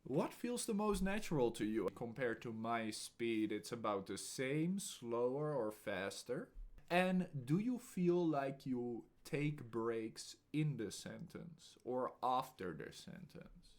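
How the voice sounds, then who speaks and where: A man teaching as an English speaking coach, talking calmly and deliberately with a pause every few words. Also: medium pitch.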